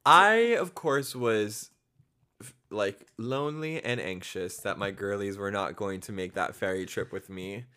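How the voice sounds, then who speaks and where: A man's voice: fairly low pitch, unhurried, sharp tone, clean tone. A young man co-hosting a podcast in casual chat, throwing in playful, dry one-liners. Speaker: podcast co-host.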